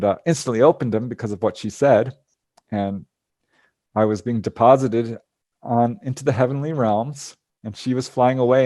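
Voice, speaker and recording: A man's voice: medium pitch, darkish tone, dry recording, clean studio sound. A man telling stories of his out-of-body experiences to a group over a video call, earnest and laughing often. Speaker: guest speaker. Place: home.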